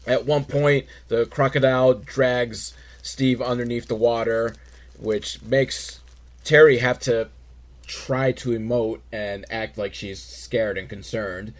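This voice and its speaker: A man hosting a podcast, recapping a film in a crude, rambling, self-mocking way with sudden loud outbursts. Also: medium pitch, expressive, slow. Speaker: podcast host reviewing a film. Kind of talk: casual comedic film recap.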